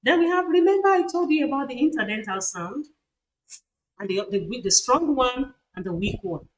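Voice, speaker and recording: A woman's voice: sits high, animated, normal speed. A woman lecturer with a Nigerian accent teaching phonetics, repeating example words aloud and asking her students rhetorical questions. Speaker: university lecturer. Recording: noisy lecture recording.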